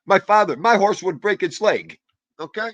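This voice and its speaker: A man hosting a livestream, rambling excitably and greeting viewers by name. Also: high voice, moderate pace, no room sound. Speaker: livestream host. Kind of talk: casual chat.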